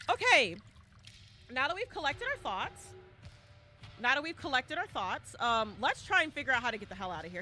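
A woman streaming a horror game live, chatting and reacting dramatically, dropping to a hush and then shrieking. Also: a little high, big pitch swings, brisk, very noisy. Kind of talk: live gameplay commentary.

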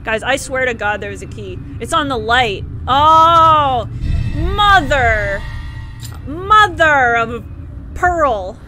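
A young woman live-streaming a horror game, excitable, screaming and laughing at scares and gushing thanks to her viewers. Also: high-pitched, slow, slight background noise.

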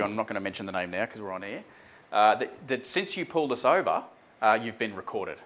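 A man's voice: lowish voice, expressive, fast. A man recounting a run-in with police on air, acting out the dialogue in a casual, conversational way. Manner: acts out dialogue, conversational with frequent ums and "mate". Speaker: speaker recounting a traffic stop. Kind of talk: animated spoken storytelling on air.

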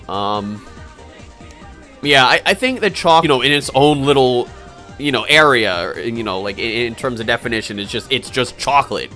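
Faint game music sits under a young male streamer's casual live chat. He answers viewers in a hesitant, rambling way, restarting often and leaning on fillers, with a medium-pitched voice that sounds pushed and bright.

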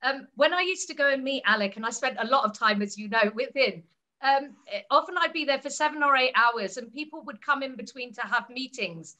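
High, bright-voiced woman presenting. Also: expressive, brisk. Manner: storytelling, explains ideas step by step. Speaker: co-author at a book launch. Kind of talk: book launch talk.

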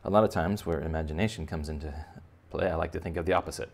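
Quick and gravelly, this man's bass voice stays steady as he leads a casual drawing tutorial for kids, playful and meandering, with lots of filler words.

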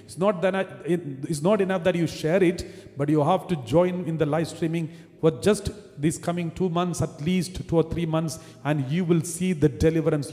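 A man's voice: on the high side, dark tone. A man, a Catholic priest, preaching a sermon with repeated phrases and call-and-response lines. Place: retreat centre chapel or hall. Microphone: livestreamed service mic. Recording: long reverb of a large hall, faint music.

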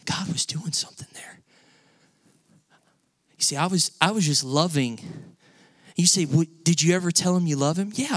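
A man's voice: a little high, a bit bright, dry recording, studio quality. A male pastor preaching a sermon, telling a personal story in a conversational way and building to emphatic peaks. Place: church sanctuary.

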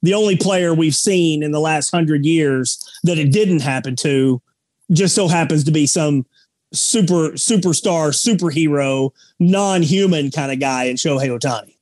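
A man's voice: fairly high pitch, measured pace, darkish tone, dry recording. A man co-hosting a sports podcast, talking bluntly and emphatically in a joking, casual way. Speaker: podcast co-host.

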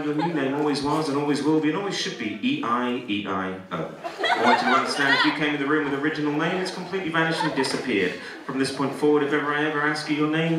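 Echoey stage hypnotist man, far off. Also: a little high. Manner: soothing commands switching to loud playful outbursts. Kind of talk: live stage hypnosis show. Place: large hall with a live audience. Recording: echoey hall from far off, audience noise. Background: laughing audience.

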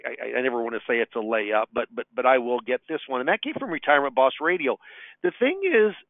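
A man's voice: medium pitch, dry recording. A man from Nebraska, a financial advisor, chatting on a webinar in an upbeat way, repeating words as he goes. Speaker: financial advisor and radio show host. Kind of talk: casual webinar talk. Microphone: phone line. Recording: tinny phone-line audio, dry.

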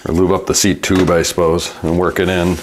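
A man with a Midwestern accent, a bike mechanic narrating his repair work in a relaxed, matter-of-fact way as he goes. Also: low voice, a little fast, slight background noise. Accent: Midwestern American. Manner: talks through each repair step aloud, relaxed and matter-of-fact. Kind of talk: casual workshop narration.

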